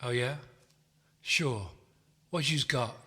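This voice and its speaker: A man's voice: medium pitch, slow pace, pushed and bright, husky, full character voice. A man voicing a bored, suspicious male guard at a hut, in a lazy drawl. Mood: wary drawl.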